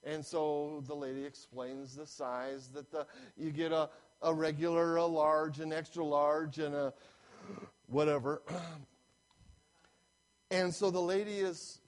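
A man's voice: fairly high pitch, level tone, a little slow. A man preaching a sermon as pastor, telling a story animatedly and acting out the voices of the people in it.

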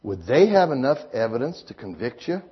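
A man's voice: mid-range voice, sing-song, brisk, breathy edge. A man preaching a sermon, telling folksy personal stories with emphatic rises in his voice. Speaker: pastor. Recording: slightly dull lo-fi sound.

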